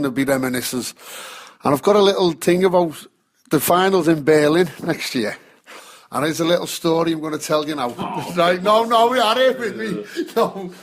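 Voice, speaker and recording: A man with a Liverpool accent, telling an anecdote in a casual football podcast chat. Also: on the high side. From Liverpool, England. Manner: animated anecdote-telling with laughter. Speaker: podcast regular.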